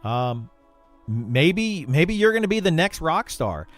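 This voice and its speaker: A man talking casually about making gaming videos, in a somewhat high voice that swings widely in pitch. He rants with exasperation and laughs often. Faint music plays behind him. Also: big pitch swings, unhurried. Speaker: gaming content creator. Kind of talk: casual livestream chat.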